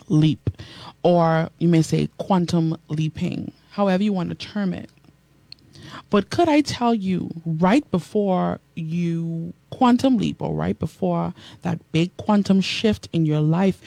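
A woman preaching to a live and radio audience, repeating lines call-and-response style, reading out viewer comments and swinging from hushed asides to high exclamations. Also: gravelly, no room sound.

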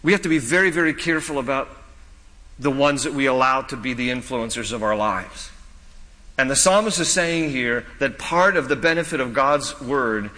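Bright-voiced man preaching in an echoing hall. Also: mid-range voice, normal speed. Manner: earnest preaching, rising to urgent questions. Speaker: pastor. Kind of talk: sermon.

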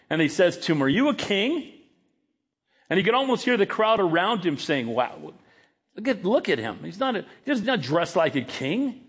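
A male pastor preaching a sermon, emphatic and acting out quoted dialogue. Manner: emphatic, acts out quoted dialogue with rising pitch.

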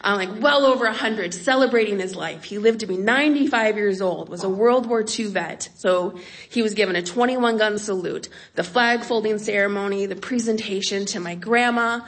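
A young woman telling a wry, animated story on stage before an audience, jumping to high pitch for emphasis. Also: moderate pace. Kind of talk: live comic storytelling.

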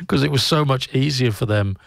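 A man's voice: mid-range voice, animated, creaky, dry recording, clean studio sound. Rambling English man on breakfast radio. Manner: rambling, halting, self-deprecating with frequent ums and restarts. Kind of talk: casual on-air monologue. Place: radio studio. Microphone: studio microphone.

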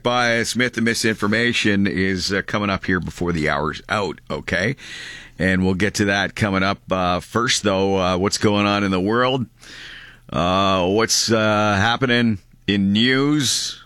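A man's voice: on the low side, slow pace, sharp tone, no room sound. A man hosting a talk radio show, giving casual, rambling commentary with many fillers.

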